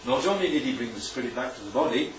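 Talking fast and animatedly in a mid-range voice, a man leads an informal slide-based church talk in a church hall. He keeps asking the congregation "right?" and "isn't that lovely?" The sound is roomy, distant, and dull, with slight background noise.

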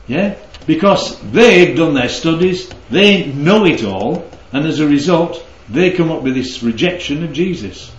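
A man leads a Bible study with a lively, rising and falling voice, constantly checking in with his listeners. The sound is roomy and a little dull. He teaches in an interactive, conversational way. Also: on the high side, measured pace, few pauses. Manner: keeps checking in with the group. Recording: roomy, slightly dull recording.

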